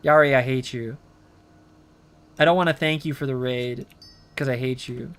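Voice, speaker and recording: A man's voice: medium pitch, fairly even intonation, moderate pace, long pauses, a bit bright, slight background noise. A young man streaming a game, chatting casually and playfully with his chat, rambling and throwing in meows. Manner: playful, rambling, reacts to chat, says meow. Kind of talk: casual live-stream chatter while gaming.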